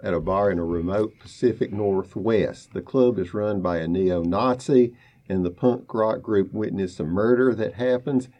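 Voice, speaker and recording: A man reviewing a film on a podcast in a low, mellow voice. He speaks bluntly, and the recording sounds dull and lo-fi. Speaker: podcast co-host. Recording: dull lo-fi mic.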